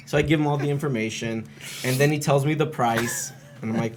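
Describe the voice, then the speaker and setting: A man's voice: mid-range voice, fairly even intonation, moderate pace, background noise. A man from Romania, a comedian, telling a story in a casual interview, laughing often. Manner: laughing storyteller, self-deprecating. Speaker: comedian guest.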